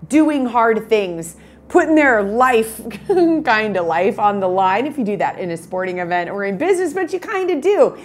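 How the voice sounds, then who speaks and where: A woman in her fifties gives an energetic motivational talk as a photography business coach. She tells stories in a chatty way, and her voice sits slightly high.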